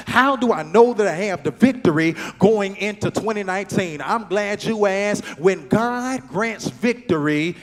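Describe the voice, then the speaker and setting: A man preaching a sermon as pastor, repeating phrases and calling on the congregation to answer, building up to shouts. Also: high voice. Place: church sanctuary. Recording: church hall reverb with faint music.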